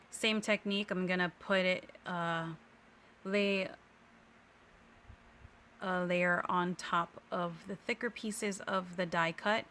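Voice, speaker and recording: A woman's voice: medium pitch, a bit bright, a little hiss or hum. A woman hosting a card-making tutorial, talking through her steps in a chatty, easygoing voice-over and correcting herself as she goes. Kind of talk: casual crafting voice-over. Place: home craft room.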